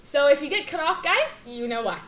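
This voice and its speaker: Bright, lively teenage girl chatting. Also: high-pitched, a little fast, a little hiss or hum. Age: teens. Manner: bubbly, giggly storyteller. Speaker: co-host. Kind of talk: casual chat.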